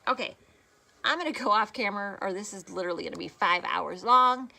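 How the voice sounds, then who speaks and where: Filming herself on her phone at home, a woman beauty vlogger chats casually through a makeup tutorial, rambling and poking fun at herself. Her mid-range voice is brisk and creaky with a sharp edge, picked up by the phone camera.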